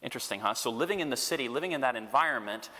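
Bright-voiced priest lecturing with humor. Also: male voice, mid-range voice, rapid-fire, in a large hall. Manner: animated, chuckling, humorous asides. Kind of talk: Bible study lecture.

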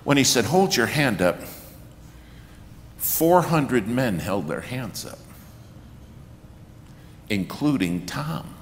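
Animated male preacher in a reverberant hall. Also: medium pitch, slow pace, long pauses, a little hiss or hum. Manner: animated storyteller acting out quotes, rising to shouts. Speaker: guest preacher. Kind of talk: storytelling sermon. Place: church sanctuary. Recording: reverberant church hall, faint ambience.

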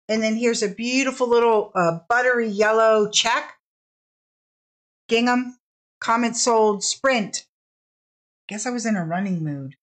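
A woman's voice: on the high side, a little slow, pauses often, low-quality recording. A woman hosting a live-streamed fabric sale, chatting casually, gushing over the fabrics and apologizing often.

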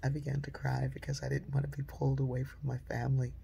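A woman telling a personal story in a conversational way, dropping into a hush when she quotes people. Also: a bass voice, little pitch movement, fast, creaky, a little hiss or hum.

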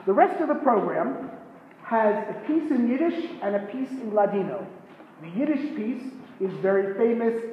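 A man giving a pre-concert lecture, explaining in a measured way with pauses and self-corrections, recorded in a concert hall. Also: high voice. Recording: echoey hall, dull lo-fi sound, faint noise.

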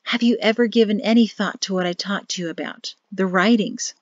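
Woman reading as a soft-spoken, cryptic young man; storybook voice, low and hushed, muffled dry audio. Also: dry recording, close to an everyday voice. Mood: grave. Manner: calm, grave, measured warnings. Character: grim quiet young man, cryptic brother.

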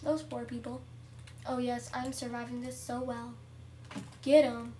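A young girl giving casual, chatty commentary over her own gameplay at home, excitable and shrieking at surprises. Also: a little high, unhurried, far from the mic, very noisy. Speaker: gameplay vlogger.

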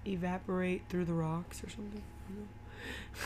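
A woman's voice: fairly low pitch, steady tone, moderate pace, darkish tone, a little hiss or hum. A woman casually retelling a movie scene by scene, gushing and emotional, with rambling restarts. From Georgia, USA. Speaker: movie commentary host. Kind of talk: casual movie recap chat.

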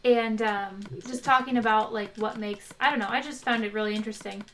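A woman's voice: mid-range voice, fairly even intonation, fairly quick, a bit bright, slight background noise. A woman hosting a live game stream, chatting casually, laughing often and thanking donors. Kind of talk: casual chat while playing a game.

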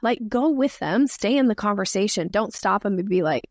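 A woman's voice: mid-range voice, expressive, normal speed, hardly any pauses, no echo, studio quality. A woman sales expert, a podcast guest, explaining her method with acted-out example dialogues. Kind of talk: podcast interview.

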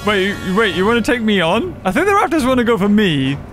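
An excitable man narrating his gameplay in a high voice that jumps all over the place. He laughs often and calls out to the other players as he goes. Faint game music plays underneath. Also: brisk. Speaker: gaming channel host. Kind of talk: casual gameplay commentary.

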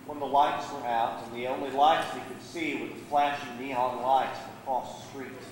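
A man's voice: medium pitch, fairly even intonation, normal speed, hardly any pauses, distant mic, background noise. A man, a guest preacher, telling a sermon story with dramatic, varied delivery in a church sanctuary. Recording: echoey church hall.

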